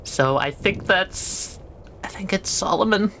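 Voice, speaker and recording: A woman's voice: medium pitch, measured pace, fairly bright tone, slight background noise. A woman casually playing a tabletop game, giggly and rambling.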